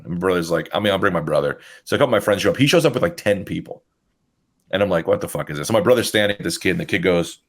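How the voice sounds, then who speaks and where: A man with a lowish voice, chatting casually on a podcast. He tells stories in a loose, profane, animated way, with lots of restarts and quoted voices. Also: fast. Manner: profane, animated anecdote telling. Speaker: podcast co-host. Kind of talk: casual chat, storytelling.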